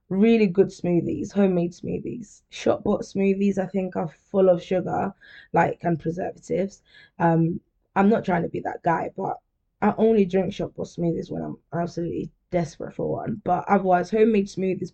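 Woman, young adult, casual solo podcast, gravelly voice, dull lo-fi recording. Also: fairly low pitch, warm tone. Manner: chatty and candid, laughs often, turns emotional. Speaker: podcast host.

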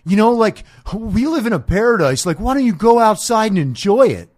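A man's voice: high voice, very animated, a little fast, darkish tone, voice pushed up. A man doing a laid-back hippie dude. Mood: easygoing.

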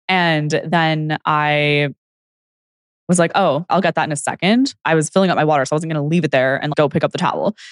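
A woman's voice: low voice, no room sound, clean studio sound. A young adult woman hosting her podcast as a fitness coach, talking casually with lots of "like" and acting out what people said. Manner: chatty, frequent "like", acts out quoted people. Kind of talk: casual solo podcast monologue.

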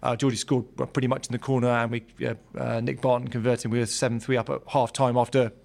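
Quick-talking guy, ex rugby player, lots of uhs, recalling an old game. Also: mid-range voice, flat delivery, creaky, darkish tone. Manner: quick, halting, lots of fillers. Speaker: former rugby player, guest. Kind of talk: casual storytelling.

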